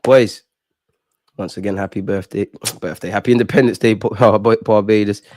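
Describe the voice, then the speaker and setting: A young man hosting a live football watch-along, animated and talking straight to the players and referee. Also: on the low side, moderate pace, slight background noise.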